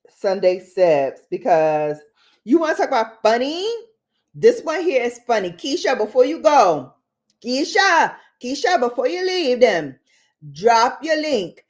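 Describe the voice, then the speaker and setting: A woman hosting a relaxed livestream, chatting. She speaks slowly, and her pitch swings widely as she plays around. She repeats lines for emphasis and often breaks into laughter. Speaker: beauty livestream host. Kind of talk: casual livestream chat with viewers.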